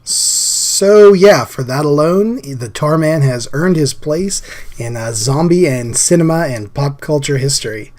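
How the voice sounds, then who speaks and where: A man with a slightly high voice hosts a relaxed drawing chat. His voice is scratchy and still hoarse from illness. He talks in an easygoing, chatty manner. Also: a little slow. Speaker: host. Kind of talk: casual chat while drawing.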